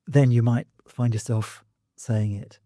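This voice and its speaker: A man's voice: mid-range voice, steady tone, unhurried, mellow, dry recording, studio quality. A man co-hosting a university podcast, thinking aloud in casual academic chat with many restarts. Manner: thoughtful, hesitant, many restarts. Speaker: podcast co-host.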